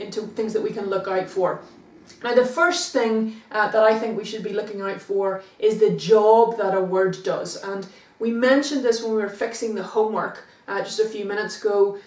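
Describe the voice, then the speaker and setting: A woman teacher giving a recorded online English lesson, explaining patiently step by step with simple examples. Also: mid-range voice. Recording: echoey room, voice from far off the mic.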